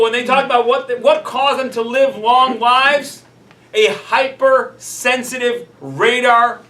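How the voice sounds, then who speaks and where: A very high voice with a sharp tone belongs to a rabbi teaching a class, storytelling casually and leaning on "like" and "you know." The distant mic leaves a roomy echo.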